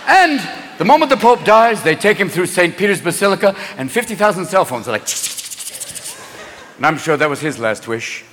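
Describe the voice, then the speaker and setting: High, animated man doing stand-up. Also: a little hiss or hum. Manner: rapid impressions and character voices, shouting bursts. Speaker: stand-up comedian. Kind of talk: stand-up comedy routine. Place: large theater stage. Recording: echoey hall with a loud crowd. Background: audience laughter.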